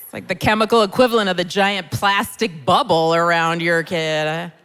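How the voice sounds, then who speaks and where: Her voice sits on the low side, fairly bright and clean with fairly even intonation, as this middle-aged woman does chatty, self-deprecating stand-up in a church hall. She pauses for the audience's laughter amid long hall reverb.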